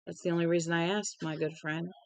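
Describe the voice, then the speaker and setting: A woman voicing a sinister male drifter who taunts a prisoner in a falsely gentle, soothing way, in a storybook reading. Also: lowish voice, level tone, fast talker, dry recording, lightly acted. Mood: taunting. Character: sinister drifter man, mock-soothing and cruel.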